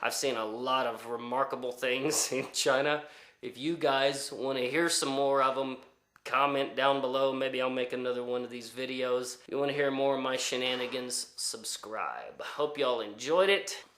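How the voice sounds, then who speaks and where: A man's voice: medium pitch, steady tone, normal speed, fairly bright tone, roomy sound. A man telling a story in a casual, rambling way, full of fillers and restarts. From United States. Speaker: storyteller vlogger.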